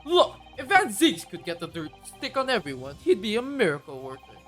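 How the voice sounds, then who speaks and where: Woman reading as a blunt slangy police inspector, middle-aged man, loud and lively delivery. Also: mid-range voice, a little fast, soft background music, pitched above the performer's own voice. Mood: gruff.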